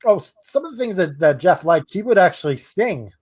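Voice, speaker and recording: Male co-host, slightly raised pitch, casual and fumbling. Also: very animated, darkish tone, slightly rough. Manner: chatty, hesitant, quick to laugh. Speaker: podcast co-host. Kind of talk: casual podcast chat.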